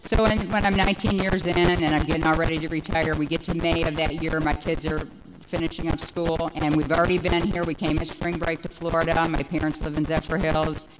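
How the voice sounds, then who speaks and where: A woman in her forties giving a personal recovery testimony, rambling and animated, with many fillers. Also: low-pitched, a little fast, background noise. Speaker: speaker sharing recovery story.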